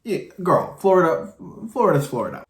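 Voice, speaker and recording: A man vlogging while doing his makeup, chatting in a campy, animated way with big swoops in pitch and frequent "girl" and "honey.". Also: fairly quick. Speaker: makeup vlogger demonstrating products. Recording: echoey room.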